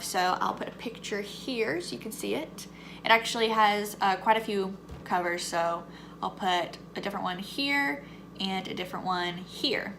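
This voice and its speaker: A woman's voice: mid-range voice, a bit bright. Chatty young woman with a faint Southern lilt. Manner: candid and chatty, heated when ranting. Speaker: book vlogger. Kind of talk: casual book review vlog. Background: faint lawnmower noise.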